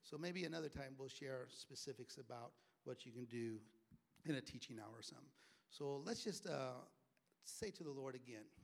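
A man's voice: mid-range voice, animated, normal speed, vocal fry. A middle-aged man preaching a sermon in a conversational way and acting out the voices of people he quotes. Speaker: pastor.

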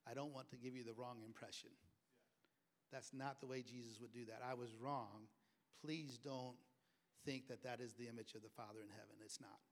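A man preaching a sermon, telling stories and acting out quoted speech with loud, emphatic bursts. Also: medium pitch, fairly even intonation, moderate pace. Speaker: pastor.

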